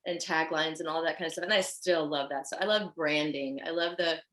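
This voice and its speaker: A woman with a Haitian accent, a fashion designer guest telling stories in an animated, chatty way. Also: low voice, fairly quick. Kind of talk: casual chat. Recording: roomy echo.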